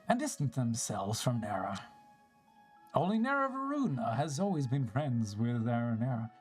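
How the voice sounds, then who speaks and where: A streamer voicing an ancient, wistful little forest spirit from a game, with a slow storybook lilt. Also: mid-range voice, darkish tone, voice pushed down, lightly acted. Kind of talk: reading game dialogue aloud.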